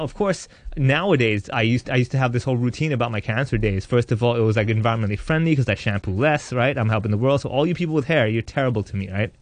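A man in his thirties, an interviewee, telling his own life story in a candid, animated way with a joking streak. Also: mid-range voice, no echo. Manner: animated, joking, acts out voices in quotes.

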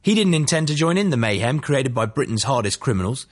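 A man's voice: medium pitch, sing-song, fast talker. A man narrating his memoir as an audiobook, telling it in a matter-of-fact, dry way.

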